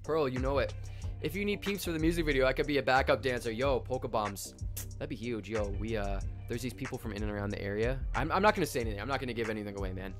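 A man's voice: medium pitch, quick pace, faint music behind. Hyped young Canadian streamer man. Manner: hyped, slangy, shouts out chat viewers by name. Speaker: livestream host. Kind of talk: casual live stream chat.

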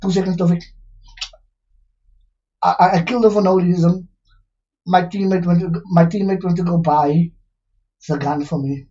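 A gamer giving casual, animated commentary while playing and talking to the game. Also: mid-range voice, normal speed, long pauses, muffled recording. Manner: animated, exclaiming, talks to the game. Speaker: gamer streamer.

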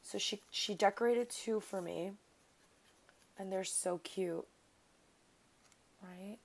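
A woman vlogger casually chatting as she unboxes craft mail at her desk, gushing and excitable, thanking over and over. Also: medium pitch, slow pace, creaky, low-quality recording.

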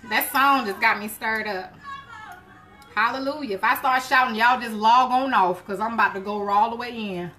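A woman hosting a live cooking stream, chatting casually with her viewers and breaking into joyful shouts of praise. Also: a little high, moderate pace. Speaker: cooking show host. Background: gospel music playing.

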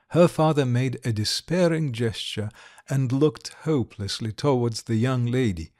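A man reading a classic short story aloud slowly and clearly for English learners. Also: medium pitch, a little mellow, dry recording, clean studio sound. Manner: slow, deliberate, clear reading. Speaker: narrator.

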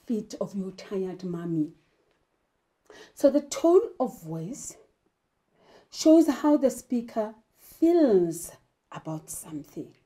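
Woman teacher, slow deliberate delivery, mellow tone, rhetorical questions. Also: on the high side. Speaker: English teacher. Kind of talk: classroom lesson.

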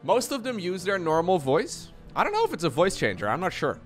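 A man chatting casually and jokingly on his live stream, animated and playful. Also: brisk, soft background music. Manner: joking, animated, with playful high-pitched squeals.

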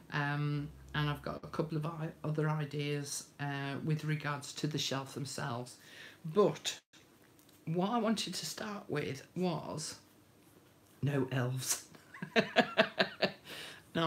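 A woman's voice: low voice, slight background noise. A woman hosting a live craft demonstration, chatting homely and greeting viewers by name. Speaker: craft tutorial host.

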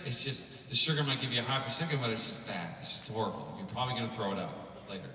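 A man from Canada who is probably in his thirties gives a joking, animated talk to a live youth conference audience as a Christian musician. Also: mid-range voice, racing, recorded from a distance, slight background noise. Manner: animated storytelling, jokey asides, mimics voices. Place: large hall. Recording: echoey hall, mic heard from afar.

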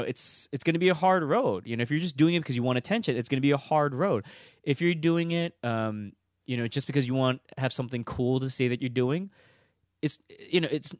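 A man's voice: a little high, dry recording, clean studio sound. A man, a stand-up comedian, giving casual direct-to-camera advice to new comics, emphatic and often checking in with "okay?". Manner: emphatic, repeats "okay?" to drive points home.

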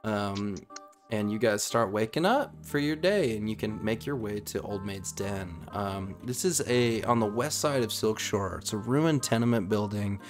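A man's voice: on the low side, a little slow, faint music behind. A man narrating as game master of a tabletop role-play game, rambling and full of ums.

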